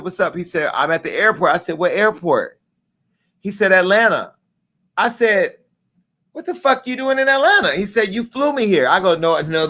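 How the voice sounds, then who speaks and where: A man in his forties hosting a live talk show, telling a story in a casual, profane way and acting out the dialogue with lively jumps in pitch. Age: 40s. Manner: animated, acts out quoted dialogue with pitch jumps.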